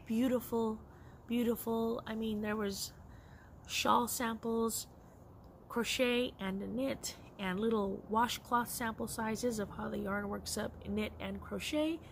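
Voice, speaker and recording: A woman casually chatting about her yarn and knitting haul, excitable and quick to laugh. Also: mid-range voice, vocal fry, slight background noise. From Los Angeles area. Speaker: craft vlogger.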